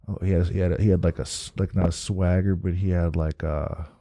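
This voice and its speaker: A man's voice: deep voice, level tone, a little fast, mellow, dry recording, clean studio sound. A man from New Jersey telling a long, rambling story with lots of cursing and restarts in casual chat. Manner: profane, rambling, with many restarts. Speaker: guest.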